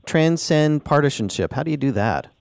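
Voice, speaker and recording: A man hosting a radio interview, asking questions in a measured, slightly halting way. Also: on the high side, animated, gravelly, smooth, no echo. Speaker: radio host.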